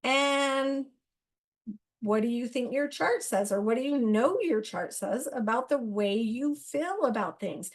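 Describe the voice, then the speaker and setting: A woman hosting a solo astrology talk, speaking straight to her listeners in an excitable, animated way and laughing at herself. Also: fairly high pitch, a little slow. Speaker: astrology podcast host.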